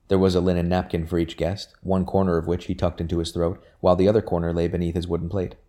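A man narrating a novel chapter as an audiobook in a measured, steady way. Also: low-pitched.

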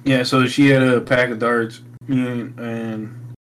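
A young man sharing a story in a relaxed podcast chat, quick to laugh. His voice sits at an everyday middle pitch, and a faint background hiss runs under it. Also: poor audio. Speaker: podcast co-host. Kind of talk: casual chat.

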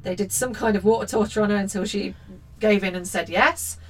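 A woman's voice: medium pitch, brisk, slight background noise, rough recording. A woman co-hosting a podcast, reading a children's book aloud and commenting on it in a sarcastic, sweary, mock-outraged way. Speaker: podcast co-host.

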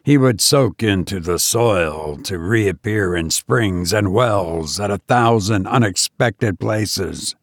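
A man narrating a classic story as an audiobook, in a measured, expressive way. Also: lowish voice, dry recording, studio quality.

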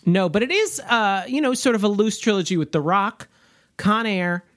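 A woman co-hosting a casual comedy movie podcast, delivering dry, quick-witted jokes. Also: mid-range voice, animated, a bit bright. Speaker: podcast co-host.

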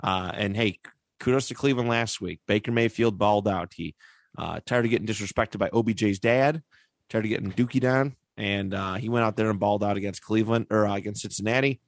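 A man's voice: on the low side, fairly quick, no room sound. A man hosting a casual sports podcast chat, laid-back and full of filler words. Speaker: podcast host.

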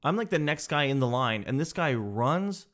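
A man telling a comic story in an animated, exasperated, sarcastic way. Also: a little high, normal speed.

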